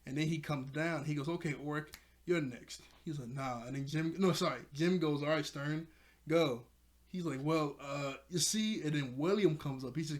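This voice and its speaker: Animated young man recapping a cartoon. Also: fairly high pitch, normal speed. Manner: animated, acts out characters' lines, laughs often. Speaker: episode reviewer. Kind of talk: casual spoken episode recap.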